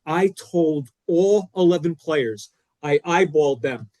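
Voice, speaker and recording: A man co-hosting a podcast, telling a story in an excitable, emphatic, self-deprecating way. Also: a little high, unhurried, dry recording. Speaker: co-host, former defensive coordinator. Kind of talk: animated storytelling; casual podcast chat.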